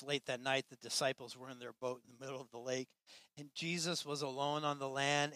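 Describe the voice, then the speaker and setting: A man preaching a sermon to his church with passion, swinging between loud, emphatic lines and quiet, hushed ones. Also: on the high side, dry recording. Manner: impassioned, swinging from loud to soft. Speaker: pastor.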